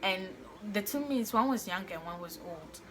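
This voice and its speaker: A young woman tells a personal story in a casual vlog, animated and exasperated, with lots of fillers. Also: mid-range voice, normal speed, a little hiss or hum. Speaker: vlogger.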